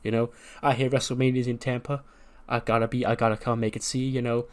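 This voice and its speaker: A man's voice: mid-range voice, level tone, fast, lightly acted. A man doing an impression of a laid-back male rapper, drawling with slang.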